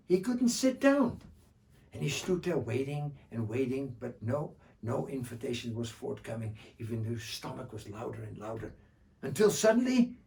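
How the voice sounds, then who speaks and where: Male oral storyteller, slightly high gravelly voice, rhythmic repetition, distant mic. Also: a little mellow. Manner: rhythmic, repeating phrases, frequent throat-clearing.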